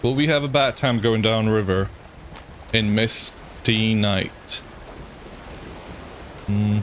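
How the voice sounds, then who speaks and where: A man's voice: lowish voice, slow, a bit bright, a little hiss or hum. A man streaming a game, giving rambling, self-mocking commentary and chuckling often. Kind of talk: gameplay commentary.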